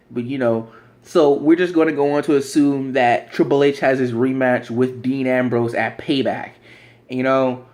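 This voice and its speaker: A man's voice: medium pitch, a little mellow. A young man in a casual vlog monologue, rambling along with frequent restarts. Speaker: vlogger. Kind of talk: casual fantasy-booking monologue.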